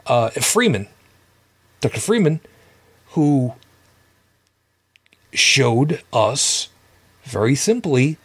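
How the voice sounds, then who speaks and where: A man in his fifties co-hosting a podcast, talking in a casual, halting way with many restarts and some swearing. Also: mid-range voice, sing-song, husky. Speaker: podcast co-host. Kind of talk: casual chat.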